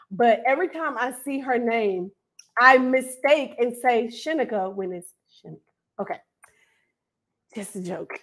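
A woman from North Carolina hosting a casual live stream, reading out viewers' names and laughing often as she welcomes them. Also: on the high side. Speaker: host of an online hair school livestream.

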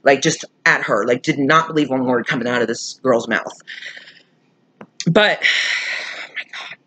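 Husky-voiced irate vlogger ranting. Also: medium pitch, a little slow. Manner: angry, swearing, emphatic, swings from loud outbursts to quiet muttering. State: irate and upset. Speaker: YouTuber. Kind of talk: storytime vlog rant.

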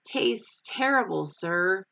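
A woman voicing a polite, deadpan young girl in a storybook read-aloud. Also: mid-range voice, slow pace, creaky, no room sound, heavily acted.

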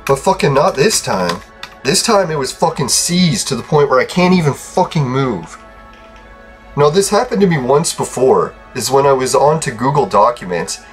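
A young man giving profane, frustrated commentary over his gameplay, breaking into laughs. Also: medium pitch. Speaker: game video creator.

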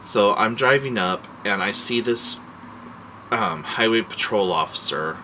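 A man's voice: on the low side, animated, measured pace, bright, forceful tone, a little hiss or hum, poor audio. A man vlogging a casual rant, rambling and heartfelt, swearing freely and emotional as he tells his story.

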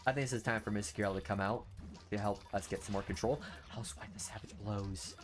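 A young man commenting on a mobile game he is streaming, grumbling low, then bursting out loud in frustration. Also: fairly even intonation, fast talker, music in the background. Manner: frustrated ranting, swings from low muttering to loud outbursts. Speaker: gaming streamer. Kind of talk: casual gameplay commentary.

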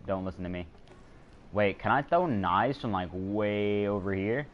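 A young man in his teens giving excitable, jokey gameplay commentary while live-streaming, swearing often. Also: fairly low pitch, a little slow, highs cut off, a little hiss or hum. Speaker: gamer streamer.

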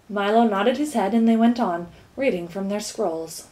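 A woman narrating a children's storybook in a lively, expressive way. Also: mid-range voice, normal speed, hardly any pauses, poor audio. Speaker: reader.

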